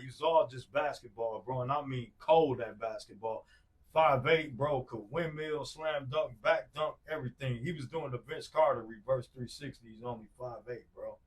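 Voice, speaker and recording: Brief: man, forties, from Wisconsin, podcast guest storytelling, loose slang, mid pitch, recorded a bit off-mic. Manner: loose, slangy, many fillers and repeated "bro". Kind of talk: casual storytelling chat. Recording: distant mic.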